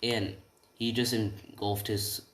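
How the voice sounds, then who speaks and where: A man's voice: on the low side, little pitch movement, slow, noisy background. A young man improvising a fan-fiction story, rambling and often tagging "right?" and correcting himself. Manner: rambling, frequent tag questions and self-corrections. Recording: roomy room, distant mic, keyboard typing.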